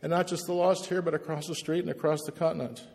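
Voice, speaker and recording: A man's voice: fairly high pitch, little pitch movement, fast talker, vocal fry, darkish tone, big-room sound. A man preaching a passionate, emphatic sermon to a room of pastors, hammering points home by repeating words. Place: church, speaking to pastors in the room.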